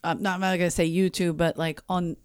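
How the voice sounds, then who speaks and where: A woman hosting a casual podcast chat, chatty with quick reactions. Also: lowish voice, flat delivery, clean tone, no echo, studio quality.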